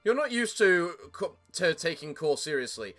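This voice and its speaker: A man reads through a game and reacts in an animated way, often laughing at the script. His bright voice sits a little high and moves with lively swings. Faint music plays underneath. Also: normal speed. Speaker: let's play host reading a game. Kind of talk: game playthrough reading and commentary.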